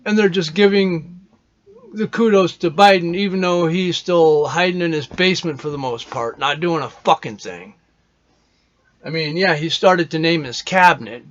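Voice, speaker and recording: A man's voice: a little high, fairly bright tone. Opinionated man rambling on a lo-fi recording. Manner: swears a lot, opinionated, trails off and restarts. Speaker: podcast host. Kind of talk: casual rambling monologue.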